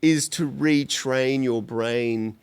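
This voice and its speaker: A man's voice: mid-range voice, takes it slowly, clear, resonant tone. A man hosting a podcast, asking curious questions in a casual interview. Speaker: podcast host.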